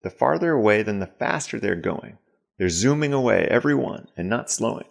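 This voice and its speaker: Gravelly man reading a rhyming poem. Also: lowish voice, expressive. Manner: measured, rhythmic. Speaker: guest poet, astrophysicist.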